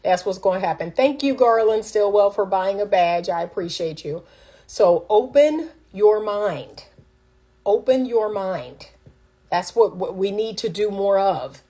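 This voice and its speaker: A woman's voice: mid-range voice, moderate pace, mellow. A middle-aged woman coaching on relationships in a casual livestream, speaking directly and like a teacher to her viewers. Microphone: phone livestream.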